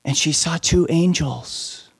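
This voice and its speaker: Male storyteller, animated, quizzes the kids, slightly high voice. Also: slow pace, vocal fry, husky. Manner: animated, asks the listeners questions. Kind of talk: storytelling to children.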